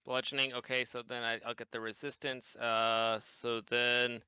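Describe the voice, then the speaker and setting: A man playing a tabletop game, working out his damage slowly and carefully. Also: medium pitch, flat delivery, pushed and bright, clean tone, dry recording. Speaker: player. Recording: dry, dull lo-fi mic.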